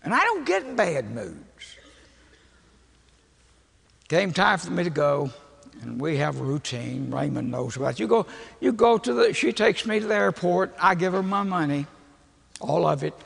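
An older man, preaching in a folksy, humorous storytelling way with a gravelly, husky voice. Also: fairly high pitch, very animated, moderate pace, pauses often, fairly bright tone. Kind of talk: storytelling sermon. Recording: long hall reverb.

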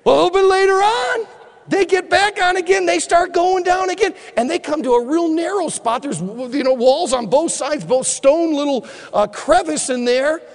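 A male preacher giving a sermon as an animated storyteller who acts out the scenes and drops to a hushed tone for appeals. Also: extremely high pitch, normal speed. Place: church hall. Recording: long hall reverb.

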